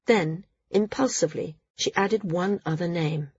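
A woman narrating a novel in an even, measured way. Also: on the low side, slightly rough, no echo, dull audio. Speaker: audiobook narrator. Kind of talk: scripted narration.

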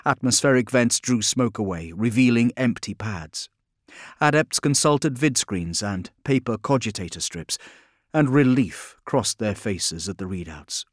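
A man reading an audiobook in steady, measured scripted narration. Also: medium pitch, no echo, clean studio sound.

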